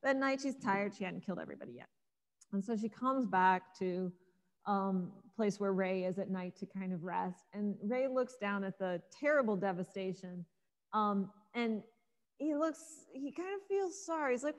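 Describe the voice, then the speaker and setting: A woman Egyptologist giving a casual spoken talk, retelling myths with lively acted-out dialogue for the gods. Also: mid-range voice, moderate pace, in a large hall. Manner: lively storyteller acting out the gods' lines. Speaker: Egyptologist guest speaker.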